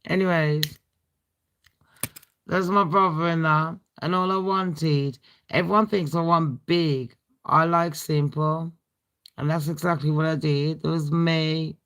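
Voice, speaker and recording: A woman's voice: sits low, steady tone, takes it slowly, a bit bright, clear, resonant tone. A British woman hosting a casual storytime chat, blunt and full of swearing and laughing asides. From Britain. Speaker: livestream host.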